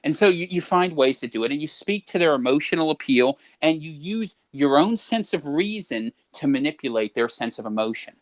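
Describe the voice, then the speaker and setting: A man talking as a podcast guest, at an ordinary pitch with a lot of swing in it. He lays out his reasoning point by point and sounds set on persuading. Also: animated, fairly quick, few pauses. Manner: explanatory, persuasive, building a point step by step. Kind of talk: podcast conversation.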